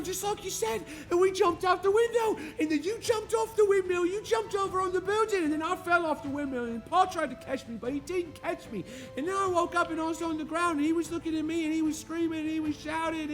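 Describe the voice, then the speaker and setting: A man voicing an excited little farm boy who rattles off run-on sentences in a high, shouting voice. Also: brisk, hardly any pauses, soft background music. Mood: breathless excited.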